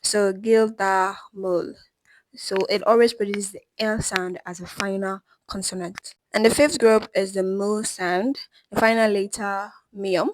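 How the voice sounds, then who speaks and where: A woman giving a language lesson, explaining steadily and slowing down to sound out each example word. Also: mid-range voice, steady tone, slight background noise, low-quality recording. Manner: slows down to sound out example words. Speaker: language teacher.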